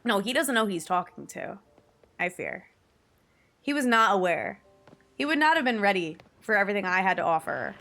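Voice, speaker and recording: A woman's voice: mid-range voice, big pitch swings, normal speed, creaky, fairly bright tone. Chatty young New streamer woman. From New York / New Jersey area. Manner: chatty, swears casually, laughs often. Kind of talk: casual chat to viewers while gaming.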